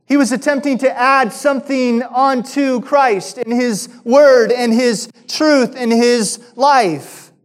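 A pastor giving a sermon, preaching emphatically and asking his listeners rhetorical questions, now loud, now quiet. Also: very high voice, takes it slowly, few pauses.

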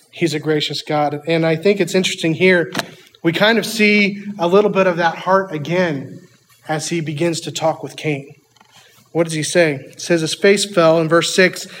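Man preaching to kids, lively, asks them stuff, high voice, echoey church hall. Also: a little hiss or hum. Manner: animated, asks the kids questions. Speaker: preacher teaching children. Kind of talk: children's sermon.

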